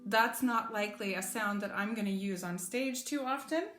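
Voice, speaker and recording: A choir voice teacher gives a singing lesson in a medium-pitched, slightly bright voice at a moderate pace. Patient and encouraging, she explains and demonstrates sounds with sung vowels and cat meows. The room is echoey, with music playing behind her.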